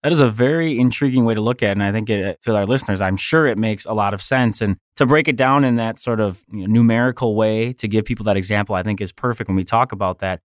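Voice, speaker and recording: A man's voice: fairly low pitch, fast talker, hardly any pauses, no room sound, clean studio sound. A man hosting an interview, asking friendly questions and reacting to his guest's answers. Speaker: interview host.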